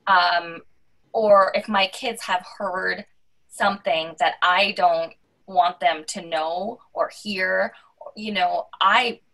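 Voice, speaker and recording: Woman on a video call, direct and firm, mid pitch, kinda far from the mic. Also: bright, forceful tone. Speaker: panelist. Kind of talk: casual video call chat. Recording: voice distant from the mic.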